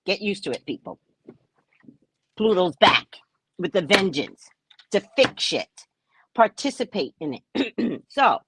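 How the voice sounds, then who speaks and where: A woman hosting a casual live stream, chatting with viewers by name in a lively, talkative way. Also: mid-range voice, breathy edge. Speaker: psychic live-stream host.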